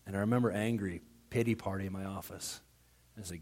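Animated male pastor preaching a sermon. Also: low voice, fast talker. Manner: animated, acts out quoted voices, frequent stammered restarts.

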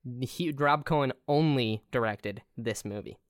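A woman co-hosting a casual movie podcast, relaxed, agreeing easily and laughing quietly. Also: rumbling low, unhurried, no echo, studio quality. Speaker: podcast co-host. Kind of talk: casual movie-review chat.

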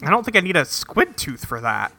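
A man's voice: on the high side, big pitch swings, a little fast, vocal fry, bright, forceful tone. A man co-hosting a casual podcast, recapping a cartoon episode with wry, joking asides. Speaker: podcast co-host. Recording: audible background noise.

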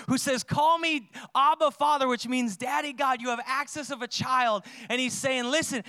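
A man preaching a sermon in a conversational, energetic way, with sudden loud emphases. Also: extremely high pitch, clear, resonant tone, no room sound. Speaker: pastor.

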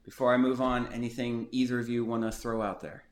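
Male host, mid pitch, earnest casual teacher, echoey room sound. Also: little pitch movement, brisk, slight background noise. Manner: earnest, explanatory, digresses. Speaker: host of a Bible study talk.

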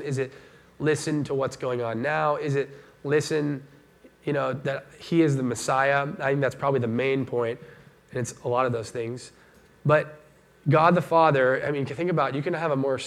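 A man giving a casual sermon as a pastor, talking in a conversational, animated way and acting out the voices of people he quotes. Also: medium pitch.

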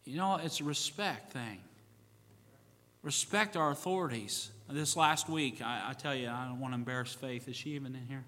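Bright-voiced pastor preaching in a reverberant church. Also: male voice, mid-range voice, normal speed. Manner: folksy, repeats "you know what?", acts out quoted voices. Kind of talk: sermon. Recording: church sanctuary with long reverb.

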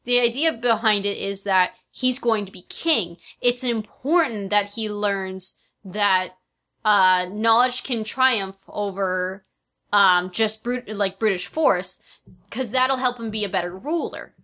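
A woman co-hosting a podcast and chatting casually about a film, retelling scenes in an animated, giggly way. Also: mid-range voice, takes it slowly. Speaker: podcast co-host.

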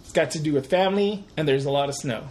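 A woman co-hosting a podcast, chatting casually with halting restarts and playful teasing. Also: low-pitched, a little mellow, a little hiss or hum. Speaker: podcast co-host. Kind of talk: casual chat.

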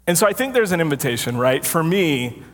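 A man's voice: fairly high pitch, big pitch swings, fairly quick. A man preaching a sermon as a pastor, telling a story in a casual, self-deprecating way and laughing often. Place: church sanctuary with congregation. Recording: long hall reverb.

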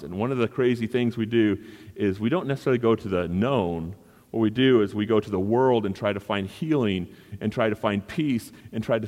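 A man's voice: on the low side, a little mellow. A male pastor preaching a sermon in an earnest manner and repeating phrases for emphasis. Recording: long hall reverb.

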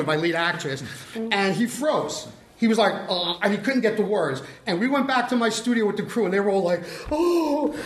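An older man with a notably high voice tells lively stories as a guest filmmaker, acting out the lines of the people in them. The sound has a roomy echo. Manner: animated, acts out quotes. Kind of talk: casual storytelling chat. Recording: roomy echoey room.

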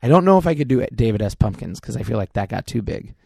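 A man's voice: mid-range voice, animated, quick pace, creaky, darkish tone, slightly rough, dry recording, clean studio sound. A man in casual chat, rambling enthusiastically and acting out his own thoughts as quotes.

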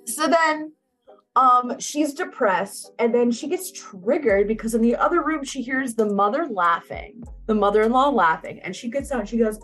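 A woman's voice: a little high, animated, moderate pace, fairly bright tone, faint music behind. A young woman casually recapping a movie, blunt and chatty, swearing freely and saying "like" often.

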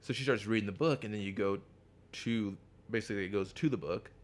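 A man co-hosting a podcast, casually retelling a comic's plot with lots of swearing and quick character voices. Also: lowish voice. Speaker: podcast co-host. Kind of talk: casual comic book chat.

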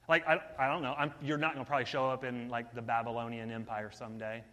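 A man preaching a sermon in an energetic, conversational way, talking straight to his listeners. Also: mid-range voice, quick pace, hardly any pauses, in a large hall.

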